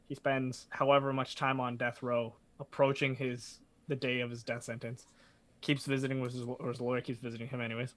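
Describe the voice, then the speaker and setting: Swearing, animated storyteller man. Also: mid-range voice, a little fast. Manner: animated, swears a lot, acts out voices in stories. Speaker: podcast co-host. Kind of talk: casual storytelling.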